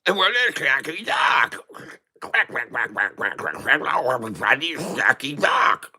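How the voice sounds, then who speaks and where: A man voicing a silly cartoon duck, quacking and shouting in a goofy voice. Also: medium pitch, big pitch swings, normal speed, slightly rough, faint music behind, exaggerated voice.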